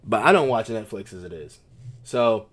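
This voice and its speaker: A man streaming a casual reaction to a video, loud and profane, laughing often as he talks. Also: fairly low pitch, lively intonation, moderate pace.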